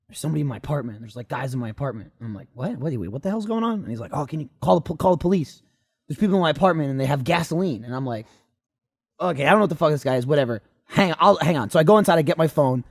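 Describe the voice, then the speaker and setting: A young man on a podcast telling a story in casual chat, animated, swearing and acting out the quotes. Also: on the high side. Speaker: podcast regular.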